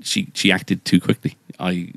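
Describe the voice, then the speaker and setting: A man with a very low voice tells a story in a loose, casual chat. He rambles and restarts often, mocking himself as he goes. His voice is recorded dry and close, with no room sound. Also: flat delivery, a little slow, gravelly, fairly bright tone, no echo. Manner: rambling, self-deprecating, many fillers and restarts. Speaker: guitar shop staff member.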